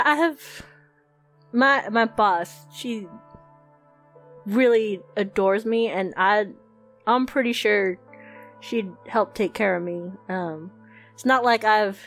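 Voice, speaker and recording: A woman playing a tabletop role-playing game in character, hesitant and stammering. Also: medium pitch.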